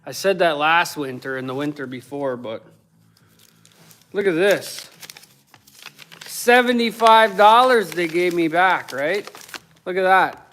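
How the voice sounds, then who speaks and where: A man's voice: high voice, a bit bright. Profane ranting man on a livestream. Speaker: livestreaming woodworker. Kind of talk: casual livestream rant while working. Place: home workshop.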